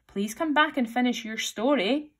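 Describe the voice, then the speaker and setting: A woman's voice: a little high, expressive, normal speed, voice pushed up. Storybook girl, eager and apologetic, read aloud by a woman. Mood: pleading, polite. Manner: humble and pleading. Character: polite, eager young girl.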